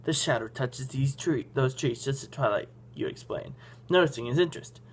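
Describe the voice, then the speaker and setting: A man's voice: medium pitch, moderate pace, breathy edge. A man hosting a game channel, reading a story game aloud in a goofy, self-mocking way.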